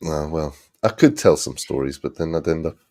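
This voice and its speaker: Deep-voiced man hosting a live stream. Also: normal speed, vocal fry, mellow. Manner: teasing, joking, blunt. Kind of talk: casual live-stream panel chat.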